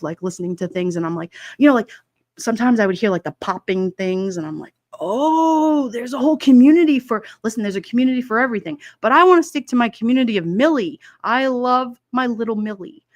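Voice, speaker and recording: A chatty woman hosts a relaxed livestream, reading out viewer comments. She laughs often and talks through lots of fillers at a middle pitch. Her voice is dry and close on a headset mic. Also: no echo. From Brooklyn, New York. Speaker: livestream host. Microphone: headset mic with headphones.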